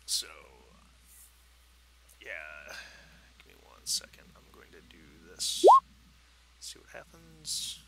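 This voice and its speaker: A man's voice: sits low, huge pitch swings, slow, vocal fry, long pauses, bright, forceful tone, husky, dry recording, whispered, rough recording. A man narrating as game master of a tabletop game, describing scenes with frequent fillers and restarts.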